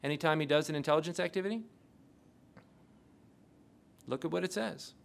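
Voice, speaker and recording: Man, lecturer, gravelly voice, interactive classroom lecture peppered with questions. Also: a little high, slight background noise. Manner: quizzes the audience with rapid questions. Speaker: lecturer on intelligence oversight.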